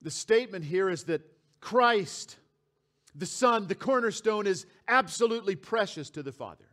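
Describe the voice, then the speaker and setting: A man's voice: high-pitched, animated, normal speed, a bit bright. A man preaching a sermon as pastor, reading scripture aloud and repeating key phrases for emphasis. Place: church sanctuary.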